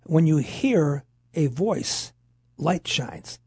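Gravelly, husky man preaching on radio. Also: on the high side, very slow, no room sound, studio quality. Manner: animated preaching, quotes voices of scripture. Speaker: radio co-host, pastor. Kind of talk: radio Bible talk.

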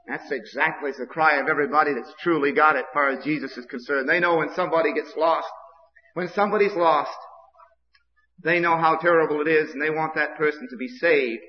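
A man's voice: fairly high pitch, fairly quick. A man from Maine, preaching a sermon in a repetitive, impassioned way that builds to outbursts. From Maine, USA. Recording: dull old recording with long hall reverb.

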